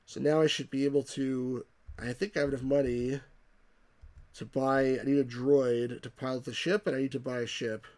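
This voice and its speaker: A man's voice: mid-range voice, little pitch movement, normal speed, darkish tone. A man hosting a let's play, rambling casually as he reads game text and chat aloud.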